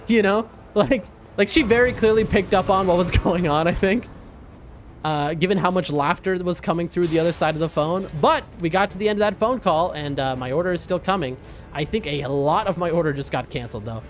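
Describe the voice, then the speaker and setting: A man's voice: high-pitched, a little fast, faint music behind. Chatty man streaming a game. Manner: rambling, chatty storytelling with frequent laughs and restarts. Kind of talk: casual live-stream gameplay commentary.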